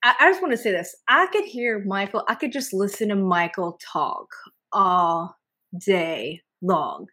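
Bright-voiced, gushing woman from North Carolina. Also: mid-range voice, animated, a little slow. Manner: emphatic, gushing. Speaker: podcast guest. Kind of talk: casual podcast chat.

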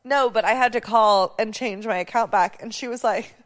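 A woman's voice: on the high side, moderate pace, long reverb tail. A woman co-hosting a casual podcast, chatty and teasing, laughing easily as she tells stories. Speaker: podcast co-host. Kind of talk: casual chat.

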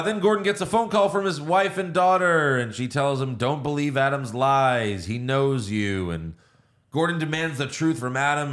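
A man's voice: on the high side, a bit bright. A man co-hosting a podcast, casually recapping a movie plot with fillers and swearing. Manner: recounts plot with fillers and acted quotes. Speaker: podcast co-host.

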